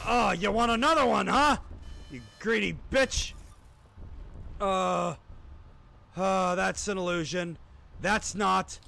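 A man streaming a horror game live, excitable and stressed, often yelling and swearing at the game. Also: high voice, slow, gravelly, pauses often, soft background music.

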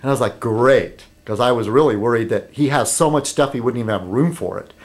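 A man with a mid-range voice rambles casually while vlogging from home. Fillers and restarts break up his talk, and he grows animated when mimicking other people.

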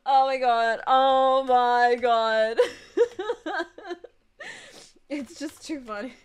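High-pitched woman, giggly and breathless. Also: fairly even intonation, very slow, pauses often, smooth. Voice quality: goofy laugh. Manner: keeps breaking into helpless laughter. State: breathless and lightheaded. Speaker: streamer. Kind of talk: live stream reaction.

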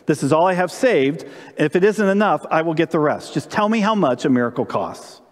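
Brief: man doing a determined eight-year-old girl, pitched way up, echoey hall. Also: animated, a little fast, lightly acted. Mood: pleading.

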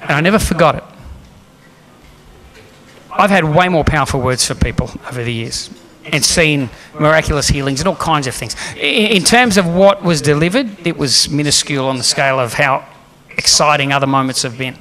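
A man's voice: on the high side, moderate pace, pushed and bright, a little hiss or hum. A man preaching a sermon as a guest speaker, telling a story with animation and acting out the lines he quotes.

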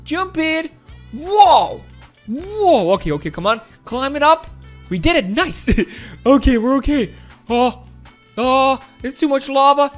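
A woman with a very high, piping voice gives excitable kids' let's-play commentary, shouting often and talking straight to her viewers. Faint game music plays softly behind her. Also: takes it slowly. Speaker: gameplay commentator.

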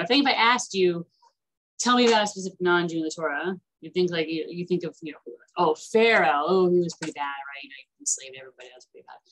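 A woman teaching an online class in a chatty, animated way, acting out the characters as she retells stories. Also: fairly low pitch, low-quality recording.

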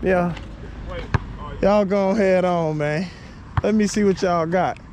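A man filming a pickup basketball game outdoors and commenting in a loud, laughing, excitable trash-talk style. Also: high-pitched, takes it slowly, crowd noise. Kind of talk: casual commentary.

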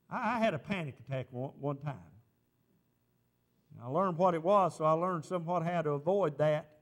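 A man's voice: high-pitched, gravelly. A male pastor preaching a sermon, telling a personal story and rising into impassioned preaching.

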